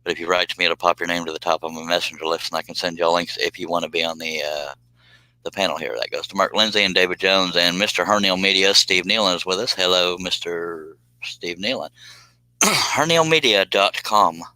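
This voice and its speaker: A deep-voiced man in his fifties chats his way through a live stream, drawling out greetings to viewers. His voice is bright and crisply clear. The sound is dry and close. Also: a little fast, dry recording, poor audio. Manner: folksy, drawling, reads chat aloud. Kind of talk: casual live stream chat.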